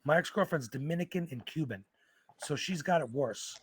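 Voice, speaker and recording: A man's voice: a little high, lively intonation, normal speed, breathy edge. A man hosting a podcast, telling rambling stories full of slang and swearing. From New York. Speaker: podcast host. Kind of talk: casual crude podcast banter.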